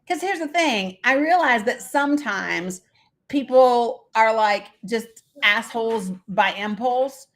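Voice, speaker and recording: A woman's voice: fairly high pitch, takes it slowly. A middle-aged woman hosting a live stream in casual chat, talking straight to her viewers by name, blunt and swearing freely.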